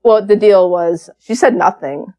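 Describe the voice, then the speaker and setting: A woman's voice: mid-range voice, unhurried. A woman guest on an interview podcast, telling her story in a casual, candid way with lots of fillers. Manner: chatty, many fillers, animated and candid.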